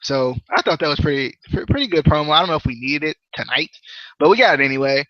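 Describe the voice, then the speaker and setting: Animated bright-voiced podcast guy. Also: on the high side, fast talker, dry recording, highs cut off. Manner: animated, jokey, rambling. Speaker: podcast host. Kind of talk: casual wrestling review chat.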